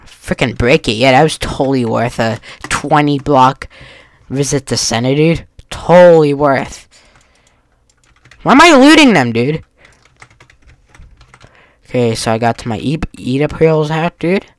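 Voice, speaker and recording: A man's voice: mid-range voice, a little slow, dry recording. A man giving live gameplay commentary, ranting in frustration and tacking "dude" onto nearly every line. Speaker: gaming video creator.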